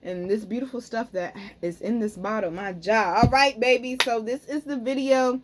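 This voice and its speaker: A woman's voice: a little high, moderate pace, noisy background. A young woman, casually telling viewers a story and often checking in with them. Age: young adult. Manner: animated, talks to viewers as "y'all", frequent "okay?". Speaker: spiritual reader and vlogger.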